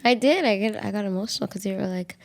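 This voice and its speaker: Female podcast co-host with vocal fry, brief and supportive. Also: medium pitch, quick pace. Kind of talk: casual conversation.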